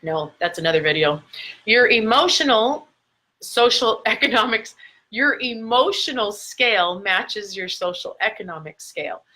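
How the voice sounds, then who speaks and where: A woman's voice: mid-range voice, expressive, normal speed, sharp tone, rough recording. A middle-aged woman coaching her viewers in a motivational talk, stretching out key words for emphasis and recording herself for a live video. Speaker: life coach. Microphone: phone or camera mic, recording a live video.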